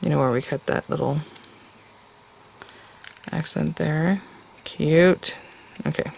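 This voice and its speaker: A woman's voice: deep voice, takes it slowly, vocal fry, a little mellow, slight background noise. A woman hosting a casual step-by-step craft tutorial, chatty and enthusiastic and talking straight to her viewers.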